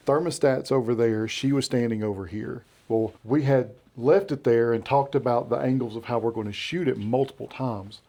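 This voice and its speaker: A man with a Southern American accent tells stories as a guest in a casual interview. His voice is mellow and dark-toned, and he acts out the lines of the people in his stories. The pitch sits mid-range for a man. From Southern United States. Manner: animated storyteller who acts out quotes. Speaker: interview guest, beard care brand founder.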